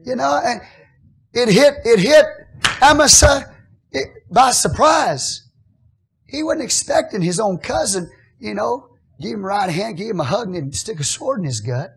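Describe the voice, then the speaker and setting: A male pastor delivers his sermon in a high, raspy voice. He roams widely in pitch, sliding from low, confiding remarks to ringing shouts. The preaching feels loose and conversational. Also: lively intonation, measured pace. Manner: preaching with big swings from hushed asides to shouted lines.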